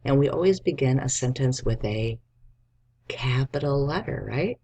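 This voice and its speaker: A man's voice: mid-range voice, lively intonation, normal speed, mellow, slight background noise. A male teacher giving a spelling lesson to young children, dictating words and patiently sounding out each letter.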